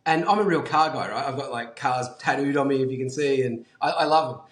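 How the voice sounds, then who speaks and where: An Australian man speaks as a podcast guest and tells his stories with loose, animated energy. His voice sits at a middle pitch, and he fills his talk with "like", "um" and the odd swear word. The room around him is echoey. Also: fairly quick. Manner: animated, swears freely, heavy use of "like" and "um". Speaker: guest, brand founder. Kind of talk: casual storytelling chat.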